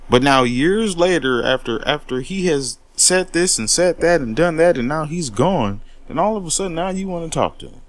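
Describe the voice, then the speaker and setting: A man's voice: a little high, animated, normal speed, few pauses. A man in a heated, profane monologue, taking on critics with repeated words and a confrontational edge. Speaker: commentary host.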